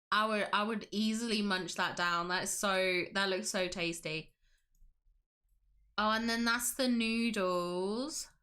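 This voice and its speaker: A woman's voice: on the high side, pushed and bright. A woman hosting a casual livestream, gushing with enthusiasm and reading chat aloud. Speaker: livestream host.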